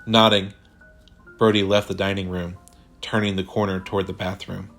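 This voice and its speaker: A man reading a sci-fi horror short story aloud in a measured, deliberate way. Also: low-pitched, flat delivery, a bit bright, faint music behind. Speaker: narrator. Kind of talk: scripted horror story narration.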